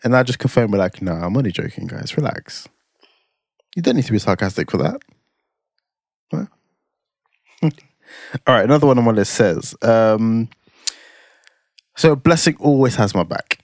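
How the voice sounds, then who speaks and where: A man's voice: mid-range voice, lively intonation, moderate pace, long pauses, no echo. A man, co-hosting a casual podcast with joking, dry, teasing humour. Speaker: podcast co-host. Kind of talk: casual chat.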